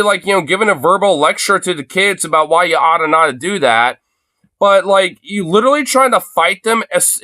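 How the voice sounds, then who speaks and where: A man's voice: high voice, pushed and bright, no room sound, clean studio sound. A young man streaming from his phone, reacting to a video in a loose, profane rant full of fillers. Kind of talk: casual ranting commentary.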